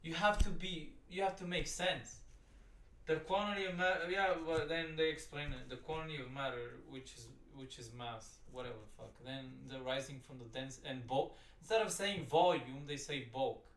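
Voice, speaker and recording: A man's voice: mid-range voice, normal speed, few pauses, slight background noise. A man giving profane, exasperated, rambling commentary while reacting to a video. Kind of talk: ranting commentary. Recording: roomy sound, distant from the mic.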